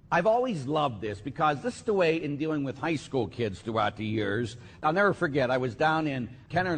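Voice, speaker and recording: A man, a Catholic priest, giving a sermon with lively storytelling and acted-out voices. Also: mid-range voice, slight background noise. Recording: hall reverb, faint ambience.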